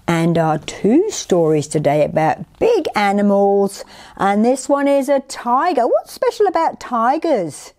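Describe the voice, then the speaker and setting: Animated woman reading storytime to kids. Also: medium pitch, measured pace. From Australia. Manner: animated, sing-along, dramatic whispers. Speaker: library storytime presenter.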